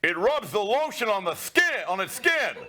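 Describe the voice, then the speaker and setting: A man playing a creepy kidnapper who gives cold, slow commands. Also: sits high, sing-song, pushed and bright, voice pushed down, heavily acted. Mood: menacing. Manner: slow, sinister, repetitive commands.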